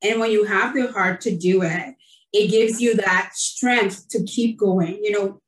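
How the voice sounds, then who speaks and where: A woman nurse hosts an online interview show, chatting casually and effusively with plenty of fillers. Her voice is medium-pitched and a little slow. The recording sounds roomy, with her set back from the mic.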